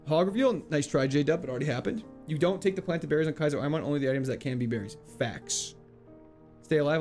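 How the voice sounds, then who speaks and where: A young man with a slightly raised pitch chats casually with his stream audience. He answers messages in a playful, joking way. Faint game music plays quietly behind him. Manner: playful, chatty, quick laughs, jokey mock French. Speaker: game streamer reading chat. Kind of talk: casual livestream chat.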